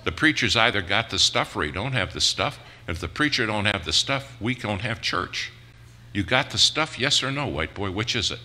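A man's voice: lowish voice, lively intonation, moderate pace, sharp tone. A man voicing a bold, teasing older churchwoman who speaks bluntly and fervently in a drawl.

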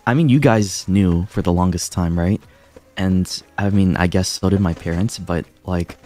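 A man talking casually on a stream, halting, with many fillers and restarts. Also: deep voice, darkish tone, a little hiss or hum.

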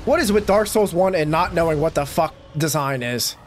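A young man giving gameplay commentary, swearing and bursting into frustrated shouts. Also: on the high side, animated, moderate pace, slight background noise. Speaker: gaming YouTuber.

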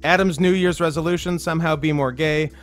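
A man's voice: on the high side, fairly even intonation. A man co-hosting a game stream, making teasing jokes and reading out subscriber messages. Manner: jokey, teasing, quick asides. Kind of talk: casual let's-play chat.

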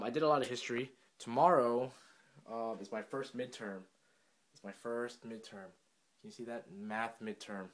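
A young man chatting casually to his camera at home, giddy and jokey with quick asides. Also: fairly low pitch, fairly bright tone. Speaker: vlogger. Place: home room, indoors.

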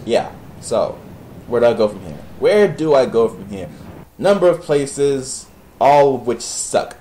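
Young male gamer, sarcastic and profane, very animated pitch, light background noise. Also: poor audio. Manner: sarcastic, profane, talks to the game characters. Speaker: gaming commentator. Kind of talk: Let's Play commentary.

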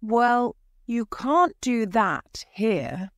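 A woman's voice: fairly high pitch, very animated, slow, clear, resonant tone, dry recording, clean studio sound, voice pushed up. A woman voicing a grumpy, complaining male dormouse in a storybook. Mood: cross. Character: cross sleepy male dormouse.

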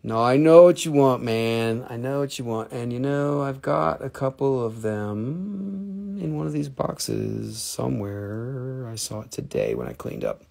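A man's voice: mid-range voice, sing-song, a little slow, gravelly, a little mellow. Rambling joking man selling rocks live. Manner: rambling, joking, swears freely. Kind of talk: casual live sales stream.

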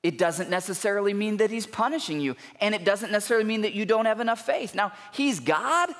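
A man preaching a sermon as a pastor, earnest and emphatic, building intensity with pauses for weight. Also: high voice. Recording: long church hall reverb.

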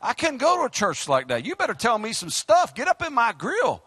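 A middle-aged man, preaching a fiery sermon as pastor, joking and then shouting his exhortations. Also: extremely high pitch, huge pitch swings, fairly quick, husky, no room sound.

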